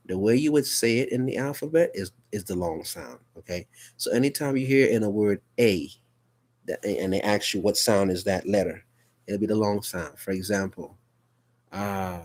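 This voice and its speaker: A man's voice: fairly low pitch, normal speed, darkish tone. A man teaching a casual live phonics lesson, patient and repetitive, often checking in with "okay?".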